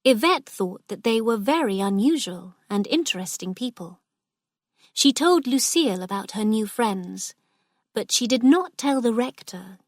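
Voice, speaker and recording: Slow, careful woman storyteller. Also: mid-range voice, dry recording, studio quality. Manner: clear, careful, even reading. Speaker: story narrator for English learners. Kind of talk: slow scripted story narration.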